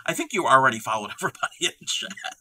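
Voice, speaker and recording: Male stream host, loose and rambling, keeps up with chat; strikingly bright, edgy tone at an average pitch. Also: very animated, quick pace. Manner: rambling, reading and answering chat aloud. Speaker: livestream host. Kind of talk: casual livestream chat.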